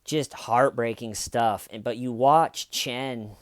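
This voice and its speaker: Indignant man with a smooth, dry voice. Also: mid-range voice, slow, dry recording. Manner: conversational, indignant, many fillers and restarts. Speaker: podcast host. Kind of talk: casual true-crime commentary monologue.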